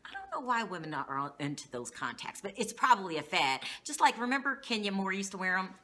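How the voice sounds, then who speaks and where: A woman's voice: mid-range voice, sing-song, quick pace, pushed and bright. A woman giving a casual, gossipy recap of a reality show, swearing freely as she goes.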